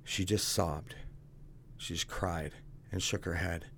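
A man's voice: low voice, fairly even intonation, slow, a bit bright, slight background noise. A man telling his own story as a guest, speaking bluntly and casually and calling the host "dude".

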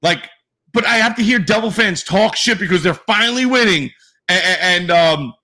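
A man's voice: high voice, moderate pace, sharp tone. A young man co-hosting a casual sports podcast, ranting with profane, jokey exaggeration. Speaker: podcast co-host.

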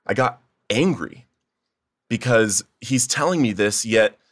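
A man's voice: lowish voice, expressive, takes it slowly, breathy edge, dry recording, studio quality. A young man telling his recovery testimony in an earnest, emotional way. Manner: earnest, emotional storytelling, rising to near-shouting in retold pleas. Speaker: testimony speaker.

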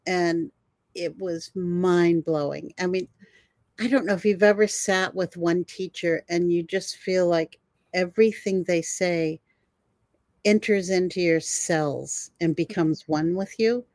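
An older woman telling her stories with animated, expressive energy, often breaking into laughter. Her voice sits on the lower side and sounds dry and close to the mic, with hardly any room sound. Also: slow, dry recording. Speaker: herbalist guest. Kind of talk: storytelling in a conversation.

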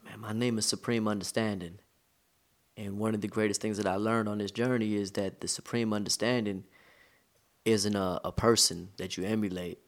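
A man from the United States, a guest in an interview, telling stories in a relaxed, slangy, conversational way. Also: on the low side, moderate pace. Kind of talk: casual storytelling interview.

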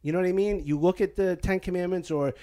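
A man, a Catholic priest hosting a podcast, giving animated, playful advice and slipping into a put-on Italian-American lilt. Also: high voice, fast talker. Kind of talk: casual podcast advice chat. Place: basement living room at home.

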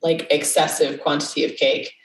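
A woman's voice: sits low, little pitch movement, moderate pace, distant mic. A woman co-hosting a podcast as a coach, talking in a casual, playful way and laughing easily. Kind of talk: casual chat. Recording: echoey room, off mic.

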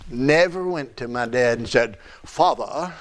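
A pastor delivers a sermon in a high-pitched, conversational voice. He moves between quiet asides and raised, pleading emphasis as he speaks to his church. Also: animated, normal speed. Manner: conversational preaching, rises and drops in pitch for emphasis.

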